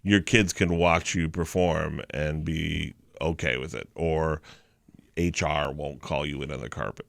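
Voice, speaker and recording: A man's voice: extremely low pitch, fairly even intonation, measured pace, vocal fry, a bit bright, dry recording, clean studio sound. A man in his fifties, a morning radio host and comedian, telling a long story and acting out the people in it. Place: radio studio.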